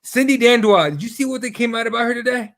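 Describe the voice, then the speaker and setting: High-pitched man, profane podcast chatter. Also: fast talker, gravelly. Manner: profane, animated storytelling with quoted exchanges. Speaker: podcast co-host. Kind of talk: casual podcast chat.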